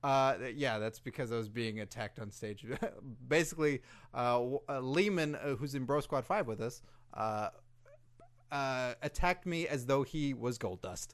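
A man's voice: medium pitch, measured pace. A young man co-hosting a comedy podcast, chatting laid-back with hesitant fillers. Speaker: podcast co-host. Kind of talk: casual comedy podcast chat.

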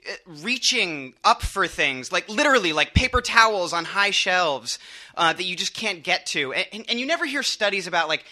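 A man's voice: sits high, bright, forceful tone. A man opening a stand-up set, hesitant and self-deprecating, with many ums and uhs. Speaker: stand-up comedian.

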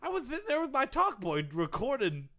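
A man in a comedic talk segment, rambling through gossip with deadpan jokes. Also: very high voice, brisk, a crowd in the background. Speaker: comedy panel guest. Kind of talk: comedic improvised banter.

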